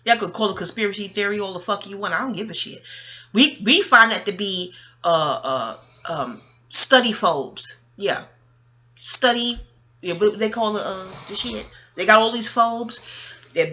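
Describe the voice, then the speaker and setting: A woman's voice: on the low side, bright, forceful tone, husky. A middle-aged woman from Harlem, talking in a rambling, profane monologue, digressing and laughing often. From New York, Harlem. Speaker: astrologer and host.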